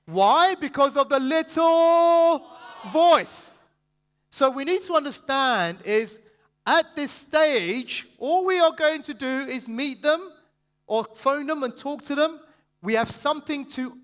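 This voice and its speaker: Passionate guy doing a sales seminar, fairly high voice, talks fast and keeps asking the room yes or no. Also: a bit bright. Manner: passionate, fast, quizzes the audience. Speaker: sales trainer speaking at a seminar. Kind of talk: live motivational seminar talk.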